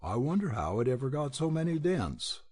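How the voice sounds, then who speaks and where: A man's voice: medium pitch, very animated, moderate pace, a little mellow, breathy edge, pitched above the performer's own voice. A man voicing a plain, practical male tinker, speaking matter-of-factly.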